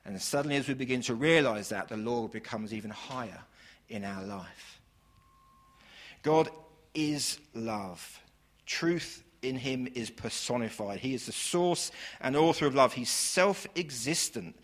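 A male preacher delivering an emphatic sermon at a mid pitch for a man. He rises to loud, fervent declarations, then drops to quiet, drawn-out phrases. He stacks word after word of praise in long lists. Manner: swings from loud declaration to hushed, slow lines.

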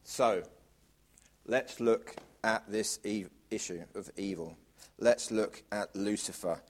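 A man's voice: lowish voice, slow pace. Man preaching a sermon. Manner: varies volume widely, drops to quiet emphasis; asks the audience rhetorical questions.

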